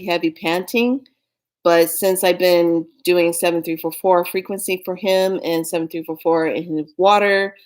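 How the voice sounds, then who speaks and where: A woman chatting straight to her viewers about spiritual practice. She sounds playful and affectionate, laughs easily and often, and closes with warm sign-offs. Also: fairly low pitch. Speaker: spiritual vlogger. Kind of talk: casual spiritual chat to viewers.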